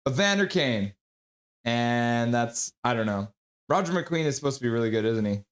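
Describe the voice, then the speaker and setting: A man hosting a casual live stream about hockey. He reads chat messages aloud and reacts to them with quick, excited exclamations. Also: mid-range voice. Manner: breaks into loud excited exclamations.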